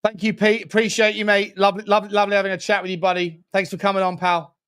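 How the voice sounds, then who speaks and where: A man streaming a football watchalong, giving running commentary on the game with jokes and shout-outs to viewers. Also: high-pitched, very fast, clear, resonant tone. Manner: jokey, excitable, chats with viewers between plays. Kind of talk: live match commentary and chat.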